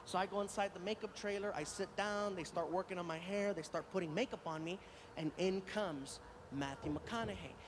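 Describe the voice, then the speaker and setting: A male stand-up comedian telling a long story, animated and acting out every voice. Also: high-pitched, a little fast. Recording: noisy live stand-up recording.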